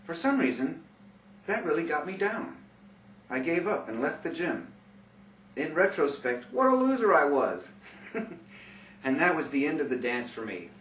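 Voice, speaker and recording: A man's voice: fairly high pitch, expressive, a little slow, long pauses, fairly bright tone, slight background noise. Man narrating his memoir, sardonic, bitter asides, echoey room, distant mic. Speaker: author reading his memoir.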